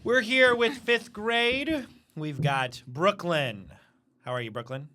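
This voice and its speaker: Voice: medium pitch, slow, sharp tone. A teacher hosting a school podcast in casual chat, patiently asking children questions and steering them back on topic. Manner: explains and asks follow-up questions.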